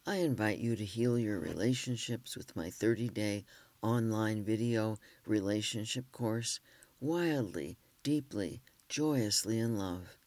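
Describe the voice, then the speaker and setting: A man, a relationship counselor and author, reading self-help narration in a gentle, measured way. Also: on the low side, no room sound.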